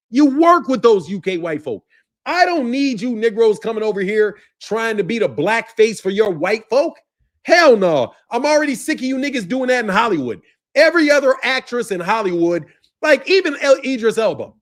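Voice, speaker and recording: A man rants on his commentary channel, loud and profane, laughing often between lines. His voice sits high for a man. His pitch swings wide and lively. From United States. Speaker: boxing commentary channel host. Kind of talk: ranting commentary.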